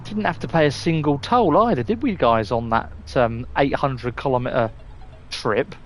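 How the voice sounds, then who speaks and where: A man's voice: mid-range voice, moderate pace, slight background noise. A man chatting casually and rambling through a live game stream, often restarting and swearing mildly. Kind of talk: casual live gameplay chat.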